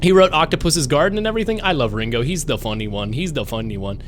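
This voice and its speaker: A man's voice: fairly high pitch, expressive, quick pace, a little hiss or hum. A young man streaming games, rambling and joking casually as he talks to his chat. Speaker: game streamer.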